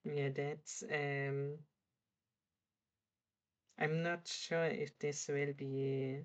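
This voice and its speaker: Low-voiced woman, slow halting reaction. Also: flat delivery, no echo. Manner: halting, searching for words, with restarts. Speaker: streamer reacting to a video. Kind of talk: casual reaction commentary.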